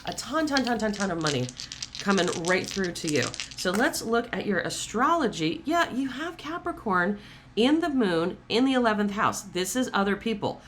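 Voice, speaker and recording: A middle-aged woman giving a casual, chatty tarot reading straight to her audience, animated and blunt, with the odd swear word. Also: medium pitch, moderate pace, slight background noise. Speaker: tarot reader.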